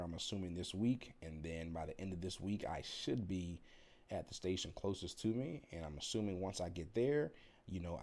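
A young man rambling casually through a work story, blunt and profane, acting out what others said. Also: low voice. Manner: rambling, profane, animated when quoting others. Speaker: delivery driver vlogger.

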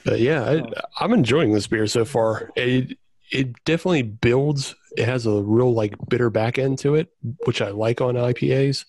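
A man's voice: mid-range voice, darkish tone, no room sound. Man with a dry radio voice. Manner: measured, deliberate radio-style delivery. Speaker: podcast co-host. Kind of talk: casual podcast chat. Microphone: good microphone on a video call.

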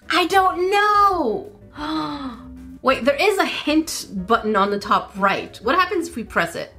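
A woman hosting a casual let's-play, giggly and excitable, talking to the game and the dog on screen. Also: sits high, slow, soft background music. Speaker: gaming channel host.

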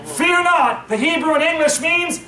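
A man pastor preaching a sermon from the pulpit, lively and joking with his congregation. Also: very high-pitched, moderate pace. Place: church sanctuary, at the pulpit. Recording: echoey room, voice from far off.

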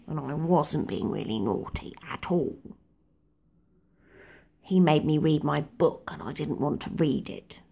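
A woman's voice: low voice, creaky, exaggerated voice. A woman voicing a sulky little girl who tells her story in a whiny, childlike way that swings into wailing, in a comic monologue.

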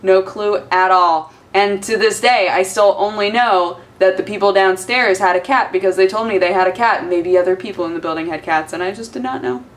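A woman chatting casually in a home vlog, often slipping into high-pitched baby talk with her cats. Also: a little fast, hardly any pauses. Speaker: vlogger. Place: home, indoors.

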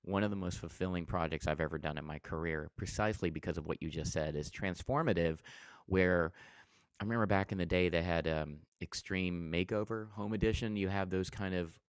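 A man's voice: low-pitched, a little fast, clean tone, no room sound. A man giving a casual interview as a comedian and TV host, telling an earnest story and often restarting his sentences.

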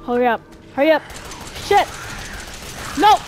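A young woman giving profane, jumpy let's-play commentary, yelling and cursing when scared. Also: sits high, lively intonation, normal speed. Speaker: gaming streamer. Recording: faint game music behind.

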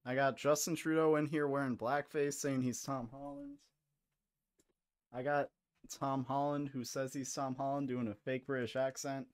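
A man hosts a live-streamed comedy talk show with a playful, exasperated edge. His voice is mid-pitched, and the recording is very dry. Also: flat delivery, moderate pace, clean tone, no room sound. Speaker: host.

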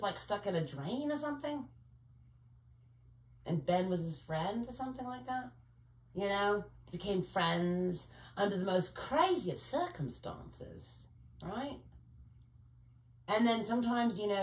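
Speaking to camera in a reverberant space, a mid-range female vlogger wanders through a digressive monologue. She frequently hunts for words, leans on "you know," and slips into conspiratorial asides.

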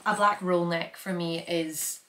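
A woman's voice: lowish voice, steady tone, measured pace, a bit bright, echoey room, slight background noise. A young Scottish woman chatting casually through a packing vlog, rambling with lots of filler words. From Scotland. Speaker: vlogger.

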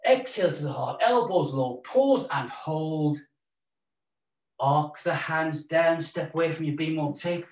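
A man's voice: on the high side, a little slow, darkish tone. A Welsh man leading a live exercise class, encouraging and jokey as he counts out the moves and cues breathing. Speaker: fitness instructor. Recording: roomy echo, mic at a distance.

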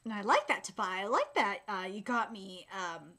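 A woman streaming a live reaction to a comic chapter, excitable and squealing, reading aloud and swearing freely. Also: medium pitch, moderate pace.

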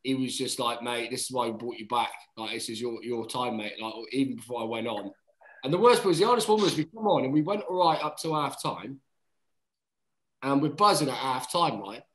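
Guesting on a casual podcast, a thirties rugby player spins lively stories at a fairly quick pace, cursing liberally and addressing everyone as "mate." His voice is ordinary in pitch, with a roomy echo and a little hiss or hum.

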